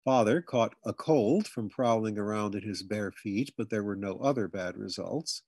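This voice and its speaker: A man reading a humorous memoir aloud in scripted narration, now and then jumping into loud, high shouts for the family members he quotes. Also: moderate pace, husky, dry recording. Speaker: audiobook reader.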